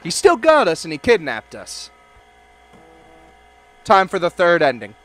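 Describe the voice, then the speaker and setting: A man doing let's play commentary, loud and joking, swearing and talking back to game characters. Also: sits high, wildly swooping pitch, unhurried. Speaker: gaming video creator.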